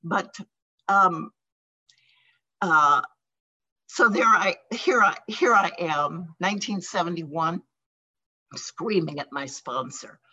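An older American woman sharing her personal recovery story at a meeting, emotional and halting, with laughs and sighs between thoughts. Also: fairly low pitch, bright, forceful tone, breathy edge, highs cut off. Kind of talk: personal testimony.

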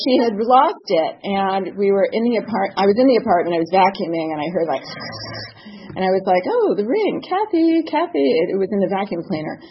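A woman's voice: mid-range voice, muffled recording, a little hiss or hum. A woman in her fifties telling a personal story with lots of laughter, acting out the voices in her quotes. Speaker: speaker sharing a recovery story.

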